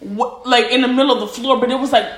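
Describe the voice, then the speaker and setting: A woman's voice: on the high side, fairly even intonation, quick pace, roomy sound. A woman in her twenties co-hosting a podcast, rambling through a story in casual slang and giggling often. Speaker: podcast co-host. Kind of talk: casual chat.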